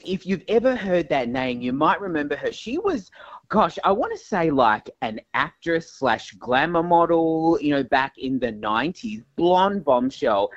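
A man's voice: a little high, no echo, lo-fi sound. An Australian man, an entertainment reporter, telling celebrity gossip as a chatty story. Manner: storytelling, conspiratorial.

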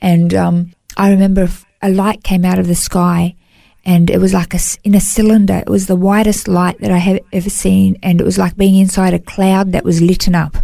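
A woman's voice: mid-range voice, level tone, normal speed, creaky, mellow, no room sound. A woman, an interview guest, giving an earnest, emotional personal testimony and often saying "you know". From Australia.

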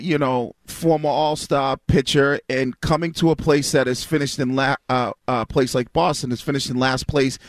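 A man's voice: mid-range voice, no room sound. A man co-hosting sports radio, asking a long, rambling question with restarts. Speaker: radio co-host. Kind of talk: live sports radio interview.

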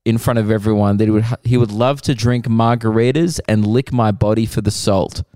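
A man co-hosting a podcast, reading listener messages aloud in a relaxed way with sighs and laughs. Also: on the low side, brisk, dry recording, studio quality. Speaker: podcast co-host.

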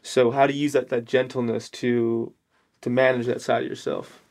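A man hosts a podcast interview, working through long questions that circle and restart. His voice stays flat and even, with a middle pitch and little rise or fall. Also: normal speed. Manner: rambling, searching questions with fillers. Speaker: podcast host.

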